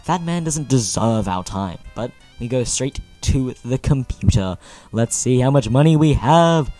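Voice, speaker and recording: A young man giving casual, animated commentary over his own gameplay, joking with exaggerated dismay. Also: medium pitch, measured pace, faint music behind. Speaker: gaming video host.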